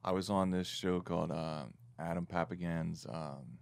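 A man's voice: deep voice, steady tone, normal speed, creaky, clean tone. A man hosting a podcast, chatting casually and dropping into silly voices and noises. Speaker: podcast host. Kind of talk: casual chat.

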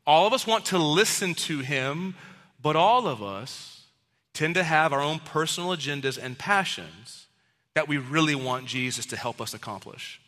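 A man's voice: on the high side, lively intonation, normal speed, bright, forceful tone, long reverb tail. A man preaching a sermon to a live congregation, in a casual, conversational way with playful acted-out quotes. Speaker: pastor. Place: church auditorium with live congregation.

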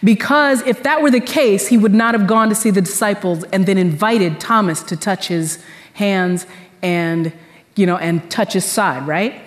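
A woman pastor preaching a sermon in an animated, conversational storytelling way with casual slang, in a church sanctuary. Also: medium pitch, a little slow, long reverb tail.

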